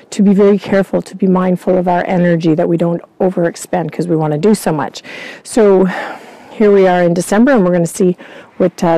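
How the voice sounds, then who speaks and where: A woman hosting a vlog, giving a calm, slow channelled spiritual reading outdoors in winter. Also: lowish voice, gravelly, no echo, rough recording. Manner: calm, slow, soothing guidance. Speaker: intuitive reader and vlog host.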